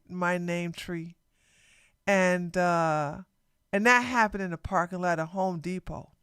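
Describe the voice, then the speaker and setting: A woman's voice: fairly low pitch, fairly bright tone, smooth, no echo, studio quality. A woman hosting a live reaction stream, talking back at the video with sassy, offhand remarks. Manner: sassy, interjecting, talks back at the clip. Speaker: livestream host reacting to a video. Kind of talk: casual live reaction chat.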